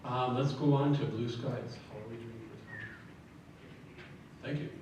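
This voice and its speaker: A man's voice: mid-range voice, steady tone. Man coaching a choir in an echoey hall. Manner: counts in, sings sample phrases, gives brisk musical feedback. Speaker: choir clinician. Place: large echoey rehearsal hall. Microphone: room recording from a distance. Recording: echoey hall from far off, faint noise.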